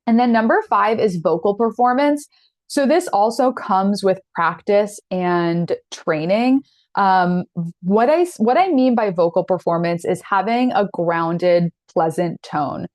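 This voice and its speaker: A woman's voice: mid-range voice, a little slow, no room sound. A woman in her thirties teaching an online masterclass in an earnest, direct, encouraging way. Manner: earnest, direct, encouraging, with animated quoted asides.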